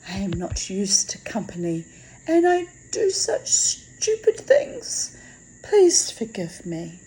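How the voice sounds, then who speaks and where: A woman's voice: huge pitch swings, slow pace, dark tone, whispered, full character voice, low-quality recording. Woman voicing Death as a sweet young girl. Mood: apologetic. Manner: earnest and apologetic, low sweet voice. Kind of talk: storybook reading.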